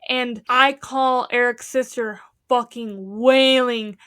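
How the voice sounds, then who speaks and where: A woman's voice: fairly high pitch, flat delivery, slow pace, fairly bright tone, clear, resonant tone, dry recording, studio quality. A young woman co-hosting a podcast in casual chat, telling stories dramatically, swearing freely and acting out what people said. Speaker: podcast co-host.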